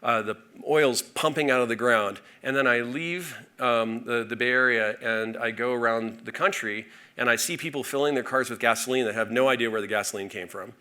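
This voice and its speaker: A man giving a conference keynote from a stage, energetic and full of fillers and restarts. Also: medium pitch, a little fast, hardly any pauses, smooth. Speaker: keynote speaker.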